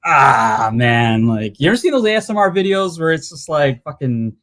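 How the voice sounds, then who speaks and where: A man's voice: fairly high pitch, sing-song, moderate pace, fairly bright tone. A man hosting a casual livestream, chatty and swearing, with rambling asides. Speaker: livestream host.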